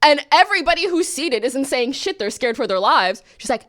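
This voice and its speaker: A woman from Canada tells a story as a streamer, casual and animated. Her voice sits high and swings widely in pitch, and it jumps even higher whenever she quotes herself. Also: moderate pace.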